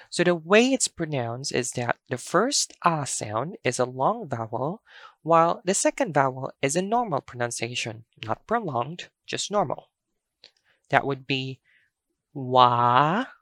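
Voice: mid-range voice, fairly bright tone, no room sound, clean studio sound. A language teacher giving a pronunciation lesson, patiently spelling words out letter by letter and repeating each example.

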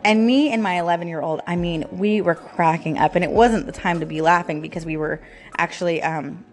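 A woman in her thirties hosting a casual devotional talk show, chatty, laughing often and full of fillers. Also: lowish voice. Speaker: podcast host.

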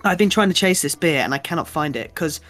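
A young man with a British accent chats loosely as co-host, wandering through his thoughts with casual swearing and easy laughs. His voice sits a little high, and soft music plays faintly behind him. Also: lively intonation, fast talker. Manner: rambling, chatty, swears casually, laughs often. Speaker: podcast co-host. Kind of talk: casual chat.

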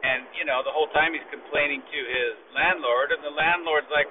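A man's voice: on the high side, steady tone, fairly quick, crowd noise. A man casually telling a long story, rambling and complaining with plenty of profanity. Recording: phone-like lo-fi with faint noise.

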